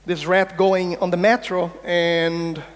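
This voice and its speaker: High-voiced man keynoting in a reverberant hall. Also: slow. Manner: energetic, insistent, swears, acts out quoted voices. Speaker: keynote speaker. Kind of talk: conference keynote talk. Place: large conference hall.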